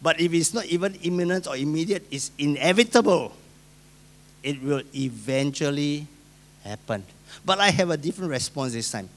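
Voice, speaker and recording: In a somewhat higher voice, a male pastor with a Singaporean English accent delivers an emphatic sermon with lively intonation at a moderate pace. He moves between loud, stressed lines and quiet asides, acting out those he quotes.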